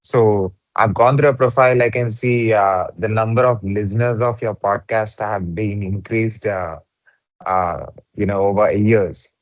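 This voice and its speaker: A man's voice: on the low side, unhurried, no room sound, lo-fi sound. A man hosting a podcast who asks questions hesitantly, with many fillers. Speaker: podcast host. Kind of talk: interview questions.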